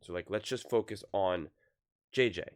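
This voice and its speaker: A man reacts to a sports debate clip, exasperated and rambling as he talks it through. His voice is low. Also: normal speed. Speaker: YouTube sports commentator. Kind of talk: reaction commentary.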